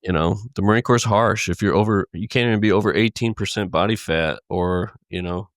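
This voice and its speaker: A man's voice: fairly low pitch, a little fast, no room sound, clean studio sound. A man hosting a podcast, talking loosely and rambling in casual chat, laughing often. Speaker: podcast host.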